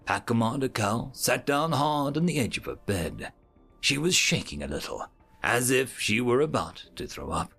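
Male narrator reading fiction aloud, gravelly voice, lively intonation, fairly high pitch. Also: normal speed, faint music behind. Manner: even, descriptive storytelling. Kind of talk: audiobook-style story reading.

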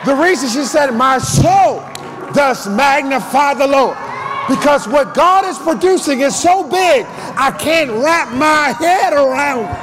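A man preaching a shouted revival sermon, calling on the congregation to repeat his lines. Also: very high-pitched, animated, a little slow, noisy background. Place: church service with a crowd. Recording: live church mic with music and crowd.

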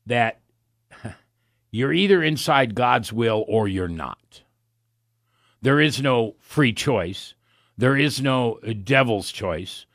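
A man's voice: medium pitch, vocal fry, dry recording, clean studio sound. A man hosting a Christian talk radio show, folksy and thinking aloud, with a cough today. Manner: folksy, animated, thinking aloud with many restarts. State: has a cough.

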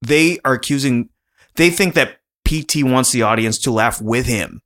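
A man's voice: mid-range voice, moderate pace, fairly bright tone. A man co-hosting a casual podcast, talking in a chatty, rambling way and laughing often. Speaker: podcast co-host.

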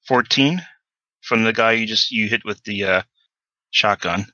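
A man's voice: fairly low pitch, unhurried, bright, forceful tone, dry recording, muffled recording. A man running a tabletop horror game as game master, talking with many fillers and restarts.

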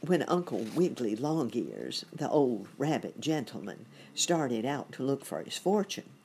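A woman reading a children's bedtime story aloud in a gentle, expressive way. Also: very deep voice, unhurried, slightly rough.

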